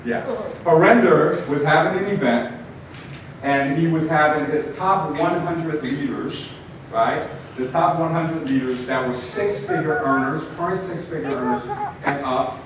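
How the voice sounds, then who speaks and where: A man's voice: on the high side, a little slow. Man speaking in an echoey hall. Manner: storytelling, animated, many asides like "right?". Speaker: motivational speaker. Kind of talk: live talk to an audience. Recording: echoey hall from far off, noisy.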